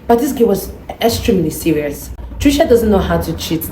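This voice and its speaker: A woman vlogger telling a personal story in an animated, indignant way, acting out the dialogue. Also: medium pitch, normal speed, hardly any pauses, a little hiss or hum. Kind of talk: storytime monologue. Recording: echoey room.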